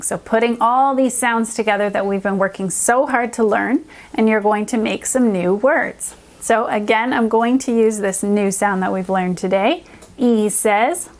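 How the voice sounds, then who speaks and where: A woman's voice: on the high side, fairly even intonation. Encouraging woman teaching phonics to kids. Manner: upbeat, encouraging, slow careful sound modeling. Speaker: reading specialist teacher. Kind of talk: children's phonics lesson.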